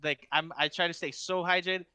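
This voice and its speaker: A man's voice: sits high, fairly even intonation, moderate pace, sharp tone, smooth, dry recording. A young man co-hosting a podcast, telling a story in casual chat, rambling with constant filler words and restarts. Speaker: podcast co-host.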